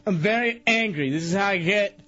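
A man's voice: high voice, fairly quick, pushed and bright. A man in casual radio banter, complaining in an exasperated, whiny way. His voice swings up and down as he protests. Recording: dull lo-fi radio broadcast.

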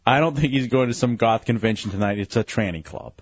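A man's voice: medium pitch, fast, slightly rough, no echo. A man co-hosting a radio show in playful casual chat, reading out listener messages. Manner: playful, laughing. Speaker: radio host. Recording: dull, dry lo-fi radio recording.

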